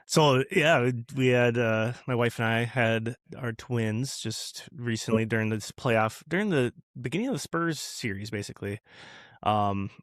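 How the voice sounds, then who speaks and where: A man's voice: medium pitch, a little slow, no echo, studio quality. A man on a podcast as a guest, telling a long story in casual chat with lots of restarts and fillers.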